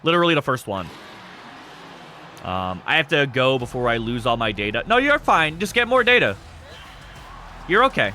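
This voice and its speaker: A man in his thirties hosting a game stream, chatting casually and answering chat in a rambling, self-described monotone. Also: mid-range voice, normal speed, long pauses, a little hiss or hum. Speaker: streamer hosting an e-fed wrestling show.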